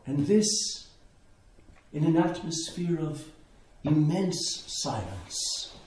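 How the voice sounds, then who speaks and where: A man preaching a sermon as a priest, in a slow, contemplative way with long pauses. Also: on the high side, sing-song, darkish tone. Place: church. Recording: echoey church interior.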